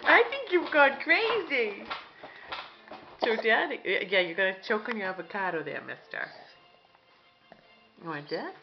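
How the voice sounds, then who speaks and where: Mother doing sing-song baby talk, high and lively, on a dull lo-fi home video with music behind. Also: moderate pace. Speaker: mother talking to her baby.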